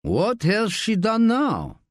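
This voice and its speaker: A man voicing a wiry, menacing bar owner with a clipped Eastern European accent and a deadpan manner, in an audiobook. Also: high-pitched, slow, no room sound, voice pushed up, heavily acted. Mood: cool menace.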